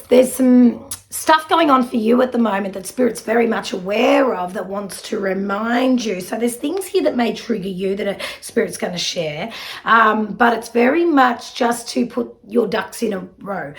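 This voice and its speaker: A middle-aged woman, giving a spiritual card reading in a soft, earnest, reassuring way with many fillers. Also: medium pitch. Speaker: psychic card reader.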